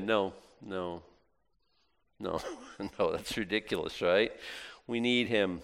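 A man's voice: lowish voice, measured pace, pauses often, a bit bright, clear, resonant tone. A male pastor preaching in a casual, conversational way, acting out little prayers and back-and-forth dialogue. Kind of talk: sermon. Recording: long hall reverb.

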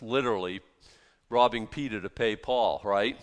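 Guy preaching a laid-back bible sermon, folksy, pitch swings all over, kinda high voice. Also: big pitch swings, moderate pace, fairly bright tone. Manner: folksy, self-deprecating, rambling with restarts. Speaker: pastor. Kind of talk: conversational sermon, Bible exposition.

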